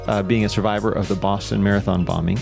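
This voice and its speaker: A man's voice: on the low side, steady tone, fast, gravelly, music in the background. Friendly man hosting a podcast. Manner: friendly, hesitant interviewer who laughs easily. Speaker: podcast host. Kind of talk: casual interview talk.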